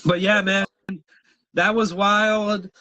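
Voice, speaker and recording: A man's voice: high voice, slow, poor audio. A man co-hosting a podcast, telling wild stories in casual chat, swearing and laughing often. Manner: animated storyteller, swears a lot, laughs often. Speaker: podcast co-host.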